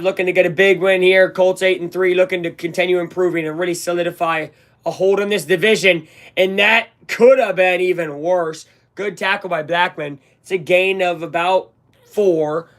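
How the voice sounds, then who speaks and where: A man with a high-sitting, fairly bright voice calls a game live as a fan in a watch-along. He rambles casually through the play-by-play and makes no secret of his frustration.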